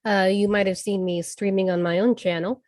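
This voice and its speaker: A woman tabletop player and game master getting over a cold, introducing herself in a relaxed way. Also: mid-range voice, brisk, dry recording, studio quality. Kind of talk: casual introduction chat.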